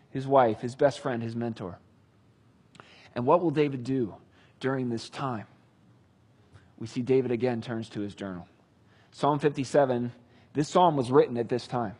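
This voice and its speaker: A man preaching a sermon, earnest and swinging between loud emphasis and hushed tenderness. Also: on the high side, breathy edge. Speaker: pastor.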